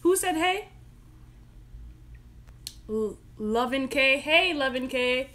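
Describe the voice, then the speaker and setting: A woman's voice: sits high, lively intonation, slow pace, bright, forceful tone. A young woman hosting a casual live stream from her bedroom, chatty, giggly and self-deprecating. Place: home bedroom.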